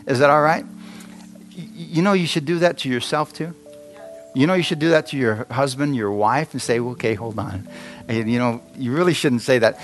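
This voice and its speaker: A man's voice: mid-range voice, brisk, faint music behind. A middle-aged man preaching a sermon in a church, talking conversationally and asking the congregation frequent questions. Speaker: pastor.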